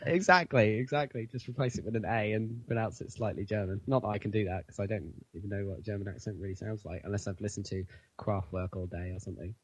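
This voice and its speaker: On this casual gaming podcast, the male co-host has a fast, low-ish voice with a steady tone and a breathy edge. He rambles, giggles, laughs a lot, and lets his sentences trail off into fillers.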